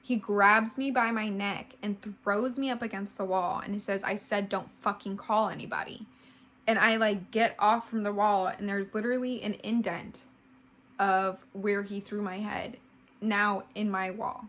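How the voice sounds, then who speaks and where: Bright-voiced young woman telling a story. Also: medium pitch, steady tone, measured pace. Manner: heavy use of "like", emotional retelling. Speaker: vlogger. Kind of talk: casual storytime narration.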